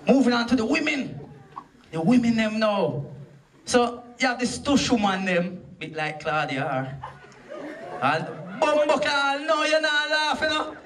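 A man doing stand-up comedy in a voice, rowdy and mocking, shouting his punchlines. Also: very high-pitched, a little slow, a crowd in the background, background noise. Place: comedy club stage. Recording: far-off camera in a loud crowded hall.

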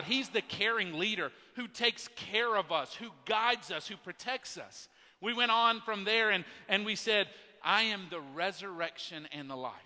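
A man's voice: high-pitched, sharp tone. A male pastor preaching an earnest, emphatic sermon to his congregation, often restarting his words. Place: large church worship center. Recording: long hall reverb.

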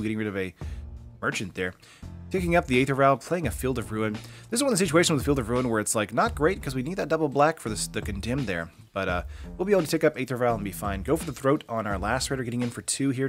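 Guy rattling off card game commentary real quick, loose and chatty with lots of uhs, faint music under it. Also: mid-range voice. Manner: quick, casual, lots of fillers. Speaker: card game channel host. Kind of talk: deck breakdown and gameplay commentary.

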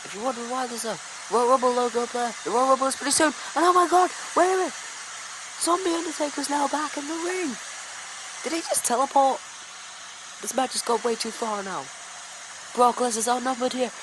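A woman giving excitable play-by-play wrestling commentary, bursting into exclamations. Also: on the high side, brisk, background noise. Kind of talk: play-by-play wrestling commentary over a video game.

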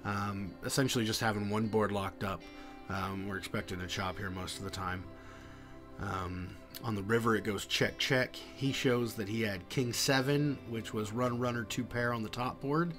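A man giving voice-over commentary on his poker hands, halting and full of fillers. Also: fairly low pitch, fairly even intonation, fairly bright tone, faint music behind. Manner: halting, many fillers and restarts. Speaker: poker vlogger.

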